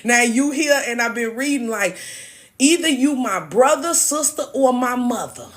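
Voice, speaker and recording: A woman's voice: a little high, lively intonation, moderate pace. A woman hosting a live stream, talking earnestly and emotionally, preaching and repeating herself as she speaks to her viewers. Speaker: TikTok live host sharing a spiritual message. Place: at home, moving around indoors. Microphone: phone.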